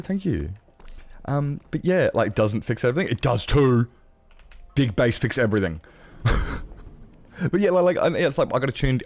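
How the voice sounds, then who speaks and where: A man with a medium-pitched, darkish voice streams live and makes casual conversation with the chat. He rambles on, corrects himself along the way, and swears freely.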